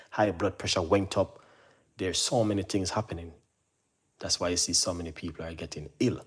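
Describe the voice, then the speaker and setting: A man speaks casually to his audience. He is earnest and repetitive, circling back with "you know what I mean" as he encourages them. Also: slightly rough. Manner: mimics receptionists in a higher voice. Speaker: channel host. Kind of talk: casual motivational talk to camera.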